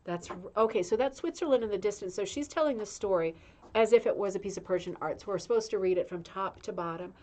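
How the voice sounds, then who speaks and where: A woman's voice: mid-range voice, quick pace, mellow. Chatty woman reading a magazine aloud. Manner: chatty, reads aloud with asides and laughs. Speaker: show host reading a magazine. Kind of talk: casual livestream chat. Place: indoor room with a humming heater.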